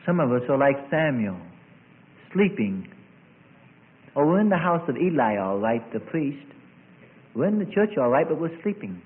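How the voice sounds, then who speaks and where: A middle-aged male pastor preaching a sermon, swelling suddenly loud and dropping to a hush. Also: on the high side, very animated, normal speed, long pauses. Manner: dramatic preaching with sudden swells and hushed drops. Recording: tinny phone-like sound.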